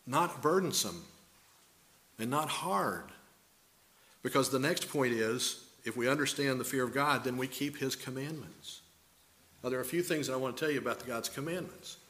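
An older man delivers a sermon at an even, middle pitch. He speaks as a pastor, working through scripture with folksy stories and rhetorical questions to his listeners.

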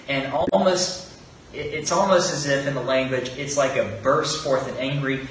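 A man's voice: mid-range voice, steady tone, normal speed, a bit bright. A man preaching an earnest sermon, asking rhetorical questions and acting out quoted speech. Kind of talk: expository sermon. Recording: very echoey room, voice from far off, faint background noise.

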